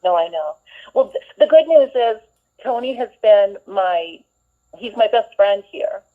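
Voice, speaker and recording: A woman's voice: medium pitch, animated, unhurried. Woman guest over a tinny phone line. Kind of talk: phone-in banter.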